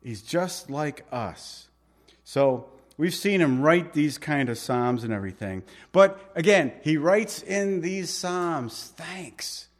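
A man's voice: on the high side, lively intonation, slow pace. A man preaching a Bible sermon in a conversational, informal way, with asides to the listeners. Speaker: pastor.

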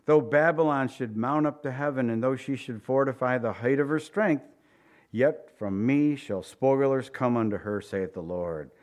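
A man preaching a verse-by-verse sermon, reading scripture aloud and then commenting in a relaxed, conversational way, sometimes acting out incredulous reactions. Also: mid-range voice, normal speed. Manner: animated, acts out incredulous reactions.

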